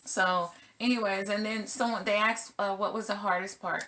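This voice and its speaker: Brief: middle-aged woman vlogger, casual, animated storyteller, bright tense tone. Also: medium pitch, moderate pace, slight background noise. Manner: animated, acts out her own exclamations. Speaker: single mother vlogger.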